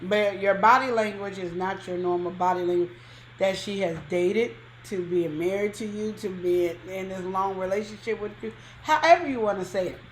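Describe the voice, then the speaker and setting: Animated woman giving relationship advice. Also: medium pitch, moderate pace, reverberant, slight background noise, rough recording. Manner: emphatic, animated, colloquial. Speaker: podcast co-host. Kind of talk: casual relationship advice chat.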